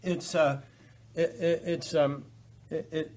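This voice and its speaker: A man teaching a Bible study, halting often with fillers and restarts as he reads and explains verses. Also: a little high, steady tone, a little mellow. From United States.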